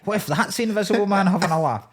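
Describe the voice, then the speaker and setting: A man's voice: sits high, racing, breathy edge. A man co-hosting a comedy podcast, telling crude, rambling stories and laughing at his own jokes. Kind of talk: casual comedy chat.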